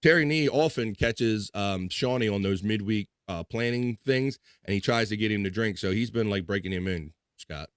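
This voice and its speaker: A man's voice: fairly low pitch, moderate pace, few pauses, clean tone, no echo. Chatty male livestream host. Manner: loose, chatty and upbeat, with playful filler sounds. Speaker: host of a live chat show. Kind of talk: casual livestream chat, reading out viewer comments.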